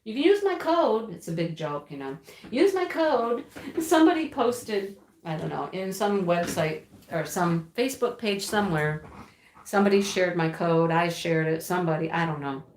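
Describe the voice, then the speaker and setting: A woman's voice: lowish voice, expressive, normal speed. Chatty woman livestreaming from a roomy room. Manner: chatty, reads and answers comments aloud. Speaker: livestream host. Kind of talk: casual livestream chat with viewers. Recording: roomy home recording with faint ambient noise.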